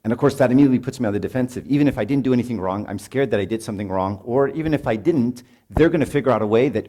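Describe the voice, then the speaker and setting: A man's voice: mid-range voice, rapid-fire, few pauses, mellow. A middle-aged man, giving an informal, conversational sermon to parents and often asking "right?". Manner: informal, peppered with "right?", acts out parents and kids. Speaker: speaker at a marriage retreat.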